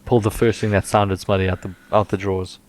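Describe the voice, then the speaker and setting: A man co-hosting a casual podcast, reading book passages aloud slowly and dramatically between chat. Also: fairly low pitch, level tone. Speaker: podcast co-host.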